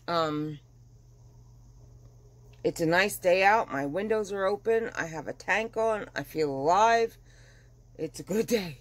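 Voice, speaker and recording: A middle-aged woman vlogging at home in a casual chat, chatty and animated, getting over the flu. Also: fairly low pitch. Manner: chatty and animated, dramatic retelling. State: recovering from flu. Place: at home, windows open.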